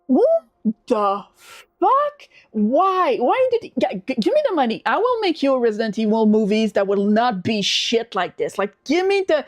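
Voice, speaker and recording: A young woman hosting a livestream, chatting casually in animated, swearing rants full of restarts. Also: fairly high pitch, a little fast, hardly any pauses. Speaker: livestream host.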